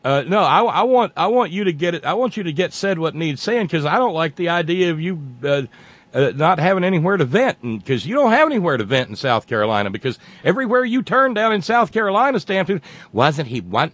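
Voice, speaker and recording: A man's voice: sits high, sing-song, brisk, fairly bright tone, dry recording. A male host on a call-in show, taking the call with dry, sarcastic humor. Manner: wry, sarcastic, teasing. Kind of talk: casual call-in talk.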